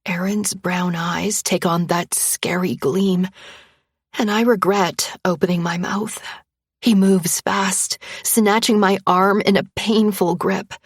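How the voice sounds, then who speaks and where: Slow, husky woman narrating a romance. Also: mid-range voice, fairly even intonation, no echo, studio quality. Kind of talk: first-person romance audiobook narration.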